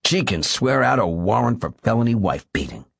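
A man reading the part of a bitter, bedridden man who seethes at his wife, speaking low and grim. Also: very animated, a little fast, vocal fry, fairly bright tone, slightly rough, dry recording, studio quality, full character voice.

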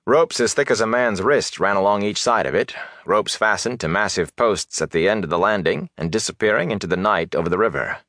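A man reading a fantasy novel aloud as narrator, in a measured, steady storytelling manner. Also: lowish voice, dry recording, clean studio sound. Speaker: audiobook narrator.

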